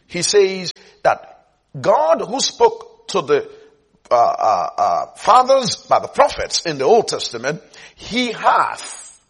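A man's voice: a little high, a bit bright, husky. A male preacher giving a sermon, emphatic, repeating key words and often asking whether listeners are following.

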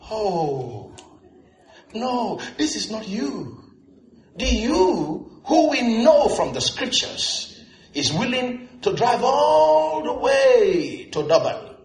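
A man preaching a lively sermon, laughing often and acting out the people he quotes. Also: very high-pitched. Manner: animated, laughing, acts out quoted voices. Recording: echoey hall.

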